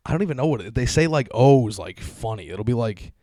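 A man's voice: mid-range voice, expressive, fairly quick, mellow. A man from the area, chatting casually in a loose, rambling way full of "like" and laughs. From Boston area. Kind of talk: casual chat.

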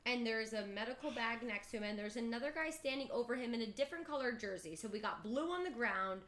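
A woman co-hosting a casual group podcast chat, talking animatedly and loudly when she mimics angry players. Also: on the high side, animated, quick pace, echoey room. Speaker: podcast co-host.

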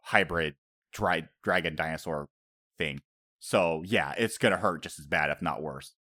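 A man's voice: very deep voice, measured pace, sharp tone. A man hosting a casual podcast chat, profane and laughing often, acting out quotes as he talks. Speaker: podcast host.

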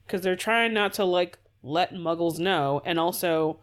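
A woman's voice: fairly low pitch, measured pace. A woman co-hosting a podcast in casual discussion, rambling with restarts, sighs and swearing. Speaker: podcast co-host.

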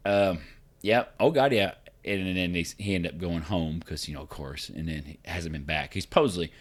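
A man co-hosting a casual podcast, telling an animated work story with frequent laughs and swearing. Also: low voice, moderate pace.

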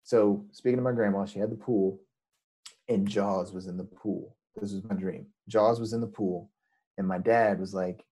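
A man's voice: lowish voice, fairly even intonation, moderate pace, warm tone, low-quality recording. A man in casual chat telling a rambling story, acting out what others said. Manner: rambling, many fillers and restarts, acts out quotes.

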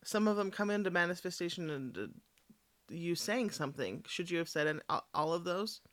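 A woman's voice: lowish voice, expressive, a little fast, fairly bright tone, no echo. A woman in casual chat, speaking frankly and swearing now and then.

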